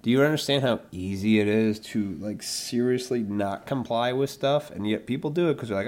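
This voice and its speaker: A man's voice: medium pitch, brisk, hardly any pauses, a little mellow. A man hosting a podcast alone, ranting with a lot of profanity and mockingly acting out the imagined people he argues with. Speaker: podcast host. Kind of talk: solo podcast rant.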